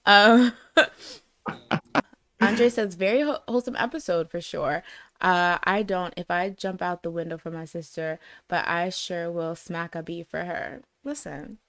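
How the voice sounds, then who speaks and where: A woman's voice: on the low side, unhurried, fairly bright tone, no echo. A woman co-hosting a casual show, reading live comments aloud in a giggly, self-deprecating, rambling way. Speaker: podcast co-host.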